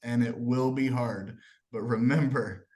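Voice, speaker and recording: A man's voice: medium pitch, steady tone, measured pace, a little mellow. A man acting as moderator, speaking in a mid-range voice. He thanks his guest and closes the gathering in an appreciative, formal manner. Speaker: event host and moderator. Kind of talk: hosting and closing remarks.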